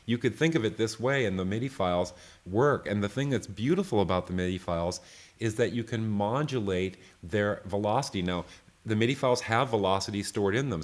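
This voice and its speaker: A man giving a live online software tutorial, loose and chatty, often checking in with "right?". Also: lowish voice, animated, fairly quick. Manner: loose, full of fillers and restarts. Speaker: software creator teaching a session.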